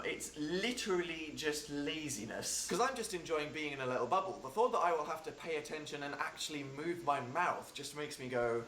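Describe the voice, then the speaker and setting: A man's voice: a little high, recorded from a distance. Sarcastic man vlogging. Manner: sarcastic, self-deprecating. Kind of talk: comedic vlog monologue. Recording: echoey room with faint music.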